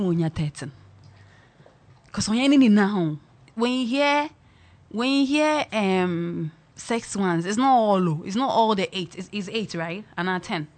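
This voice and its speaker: A woman with a Ghanaian accent hosting a radio show, chatting energetically and teasing, switching between English and Twi. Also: medium pitch. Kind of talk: lively radio chat. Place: radio studio. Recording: loud music bed behind voice.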